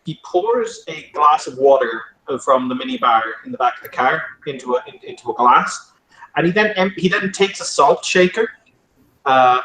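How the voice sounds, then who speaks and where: A man's voice: mid-range voice, lively intonation, moderate pace, pushed and bright. Rambling male player in an echoey room. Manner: rambling, explanatory, restarts. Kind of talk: tabletop role-play table talk.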